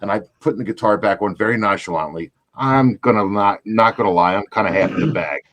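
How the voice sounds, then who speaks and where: A man hosting a casual chat, telling a gig story in an animated way. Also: on the low side, a little fast. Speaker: podcast host.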